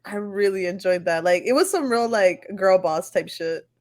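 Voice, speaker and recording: A young podcast co-host in a relaxed chat, voice at a middling pitch. The talk is easygoing and agreeable, full of slang and fillers. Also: moderate pace. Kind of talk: casual chat.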